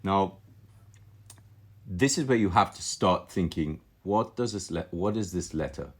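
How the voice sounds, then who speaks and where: A man with a very deep voice talks through calligraphy letters on a live stream. He sounds enthusiastic and thinks out loud, repeating words and restarting as he goes. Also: unhurried, breathy edge. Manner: enthusiastic, musing, full of restarts and filler. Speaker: calligraphy teacher. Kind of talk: live-streamed lesson, casual commentary.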